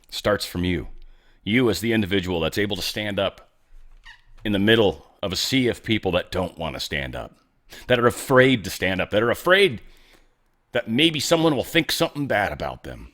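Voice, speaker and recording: A man's voice: sits low, expressive, moderate pace, fairly bright tone. A man hosting a show, speaking casually and asking the audience rhetorical questions. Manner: folksy, conversational, asks the audience rhetorical questions. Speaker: host. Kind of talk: casual political commentary.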